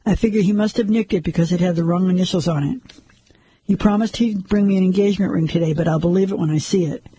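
A man reading the lines of a frightened, defiant young barmaid in a crime story, with a husky, dark voice. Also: high voice, fast talker, dry recording, rough recording. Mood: upset.

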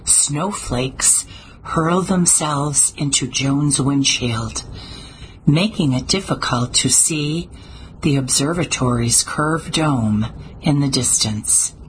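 A woman narrating a story in a steady, measured way, with small slips now and then. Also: deep voice, slight background noise, rough recording. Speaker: audiobook narrator. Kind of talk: scripted narration.

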